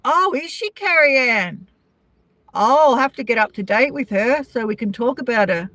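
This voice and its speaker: A woman's voice: on the high side, animated, moderate pace, fairly bright tone, dry recording. A woman with an Australian accent hosting a casual live-stream chat, gossiping and answering viewers' comments by name. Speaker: vlogger chatting with live viewers.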